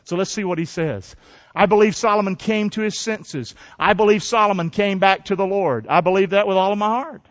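A man preaching a sermon as pastor, energetic and folksy, calling on the congregation to answer and repeat after him. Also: high voice, fairly quick. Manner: energetic, call-and-response preaching with folksy asides. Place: church. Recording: dull lo-fi church recording with long reverb.

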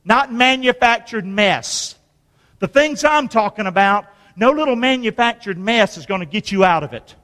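High, bright preacher in a reverberant hall. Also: male voice, lively intonation, a little fast, few pauses. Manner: call-and-response preaching, swinging from hushed to shouting. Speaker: pastor. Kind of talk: sermon. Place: church.

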